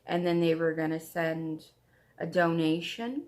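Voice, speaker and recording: A woman's voice: deep voice, unhurried, darkish tone. A woman hosting a stitching vlog, chatting casually and gushing over her projects, often repeating herself. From Canada. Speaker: flosstube host. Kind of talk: casual show-and-tell chat.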